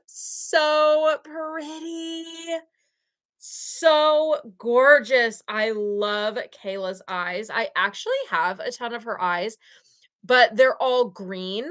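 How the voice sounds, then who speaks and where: A woman hosting a casual live stream from her crafting room at home, chatting and gushing excitedly to her viewers. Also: mid-range voice, unhurried. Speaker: livestream host.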